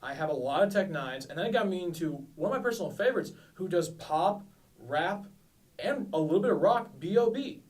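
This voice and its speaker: 20s guy rambling on a podcast, kinda high voice, mic a bit far. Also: lively intonation, fairly quick. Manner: rambling, self-deprecating, lots of restarts. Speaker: podcast co-host. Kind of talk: casual chat.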